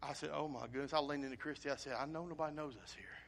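Animated preacher man, fairly high voice. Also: racing, creaky. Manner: animated storytelling with acted-out asides; emotional, earnest. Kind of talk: sermon with a personal story.

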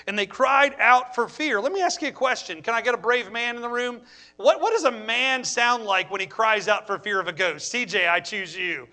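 Bright-voiced lively preacher man. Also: sits high, normal speed. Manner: animated, humorous asides, rhetorical questions. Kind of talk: sermon.

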